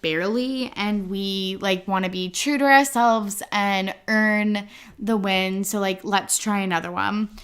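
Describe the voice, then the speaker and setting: Her mid-range voice is a bit bright and clean as this young Canadian podcast host talks on her own in a casual chat. She leans on filler words and swears casually.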